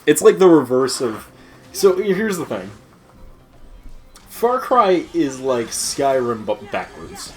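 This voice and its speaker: A let's play host rants through casual gaming commentary, swearing heavily, laughing often and mockingly imitating other people's lines. His medium-pitched voice is sing-song and darkish, slow with long pauses, with faint music behind.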